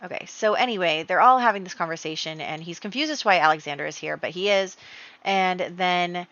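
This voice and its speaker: A woman's voice: on the low side, a bit bright. A woman casually narrating her gameplay story, chatty and full of fillers. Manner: chatty, storytelling with many fillers and quick acted quotes. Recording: dull, lo-fi home mic.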